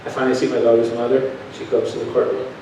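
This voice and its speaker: A male preacher telling a testimony in an animated storytelling manner, swinging from hushed to loud. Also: fast. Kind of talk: sermon testimony. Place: church. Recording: echoey church from a distant mic with background rumble.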